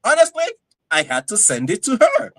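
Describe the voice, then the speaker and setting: A man co-hosting a casual podcast chat, telling stories with lively energy and acting out what people said. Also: fairly high pitch, normal speed, dry recording, rough recording. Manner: animated storyteller, acts out quotes. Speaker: co-host.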